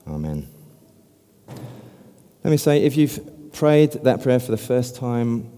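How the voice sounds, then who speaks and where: A man giving an earnest evangelistic talk as a preacher, speaking gently and slowing down to lead a prayer. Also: mid-range voice, steady tone, smooth. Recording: long hall reverb.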